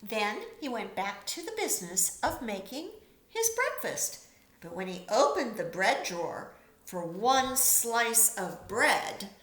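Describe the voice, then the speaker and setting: Expressive teacher reading a picture book. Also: female voice, fairly high pitch, roomy sound. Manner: expressive, pauses to comment to children.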